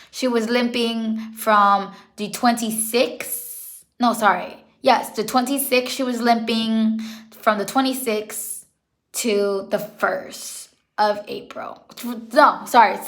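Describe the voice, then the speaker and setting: A woman's voice: on the high side, slow, fairly bright tone. A young woman talking casually in a vlog, earnest and rambling, correcting herself as she goes, emotional and holding back tears. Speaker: pet vlogger.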